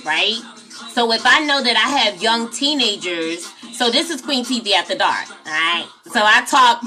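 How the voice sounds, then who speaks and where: A woman's voice: medium pitch, pushed and bright. A woman hosting a casual late-night livestream, chatty and talking straight to her viewers as y'all. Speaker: livestream host.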